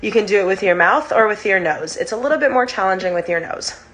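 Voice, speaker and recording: A woman's voice: medium pitch, animated, fast, fairly bright tone. A young woman leading a casual live-stream breathwork lesson, bubbly and giggly, saying "like" all the time. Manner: bubbly, giggly, sprinkles "like" constantly. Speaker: breathwork and chakra teacher.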